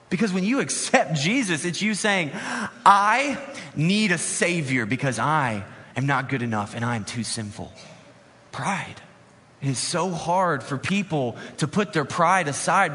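A man preaching a sermon as a pastor, conversational, slowing with dramatic pauses on key words. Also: on the high side, fairly bright tone. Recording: long reverb in a large hall.

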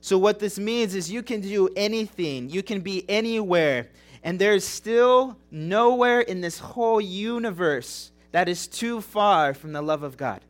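A man's voice: high-pitched, a little slow. A young man preaching a sermon as pastor, earnest and emotional, repeating phrases and asking rhetorical questions. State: tearing up.

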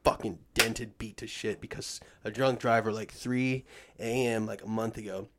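A man's voice: moderate pace, heavy background noise. A man telling a long story in casual, profane talk, acting out what people said with big swings in voice. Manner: animated, acts out quotes with swings in pitch and volume. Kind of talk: casual storytelling with heavy swearing.

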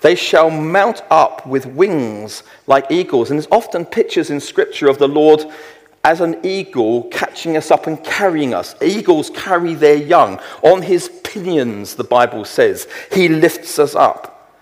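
Preacher, middle-aged man, slightly higher voice, reads verses slowly and emphatically, long hall echo. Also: expressive. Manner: slows down to read verses with emphasis. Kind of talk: sermon.

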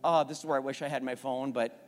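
A man in his forties preaching a sermon as a pastor, telling a candid family story, rising when worked up and going soft when reflective. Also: mid-range voice, fairly even intonation, quick pace. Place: church sanctuary. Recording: church hall with long reverb and faint music.

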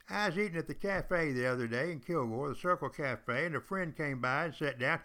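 A man's voice: on the high side, a little fast, hardly any pauses, sharp tone. An older man, hosting a podcast in a folksy, chatty storytelling monologue aimed straight at his listeners. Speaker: podcast host and retired college teacher.

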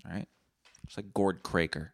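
A man's voice: low voice, fairly even intonation, moderate pace, gravelly, no echo. A man, hosting a solo podcast and rambling through profane, jokey stories. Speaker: podcast host. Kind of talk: solo comedic podcast monologue.

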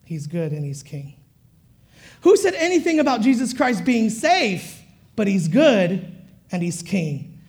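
A woman's voice: mid-range voice, very animated, unhurried, pauses often, a little mellow. A woman preacher giving a sermon in a conversational, chuckling way and drawing the congregation in.

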